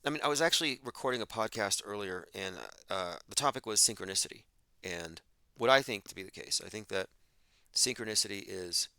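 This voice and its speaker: A man's voice: on the low side, fairly quick, bright, forceful tone, clean tone, dry recording. A man hosting a livestream, delivering an emphatic, argumentative monologue and reading out chat comments. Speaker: podcast host.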